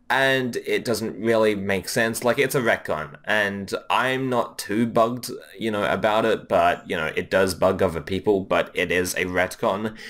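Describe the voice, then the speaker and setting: A man's voice: deep voice, a bit bright. A man giving a casual, rambling review of a trailer, with many fillers and restarts. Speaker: video reviewer.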